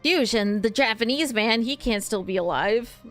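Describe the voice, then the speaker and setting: A woman's voice: fairly high pitch, moderate pace, soft background music, natural voice. A woman reading the part of a devoted male assassin disciple in a game, solemn and dutiful.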